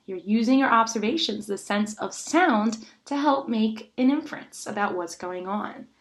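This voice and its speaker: A woman teacher recording an online lesson for children, animated and full of gasps and rhetorical questions. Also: a little high, moderate pace, hardly any pauses.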